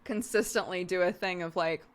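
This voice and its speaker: A woman's voice: fairly low pitch, steady tone, moderate pace. A woman hosting a live stream, chatting casually and frankly, often laughing and swearing now and then. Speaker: streamer and host. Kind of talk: casual chat.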